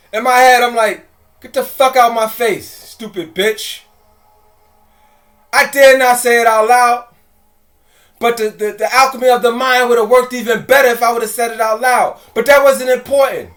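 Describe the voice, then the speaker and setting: A man's voice: very high voice, steady tone, moderate pace, a bit bright. A man telling a story to his audience in a casual, chatty way, talking to them directly and repeating phrases. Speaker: presenter.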